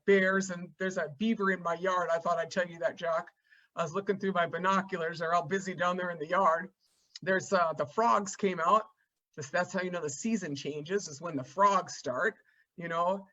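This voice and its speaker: A woman speaking on a panel over a video call, her audio a little dull and muffled. She talks in a loose, conversational way, peppering her points with "you know" and dry little jokes. Her voice sits at an ordinary middle pitch. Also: fairly bright tone. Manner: casual and wry, with lots of "you know" and joking asides. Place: her rural home.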